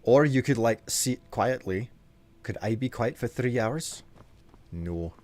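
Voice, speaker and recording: A man streaming a game live, chatting and joking as he reacts out loud to what happens in it. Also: medium pitch, expressive, slow. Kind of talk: live gameplay commentary.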